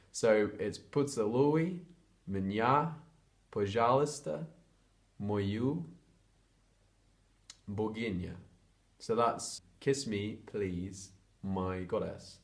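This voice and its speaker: A young man from England talking casually to camera, chatty and hesitant with lots of fillers and restarts. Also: lowish voice. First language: English. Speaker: vlogger.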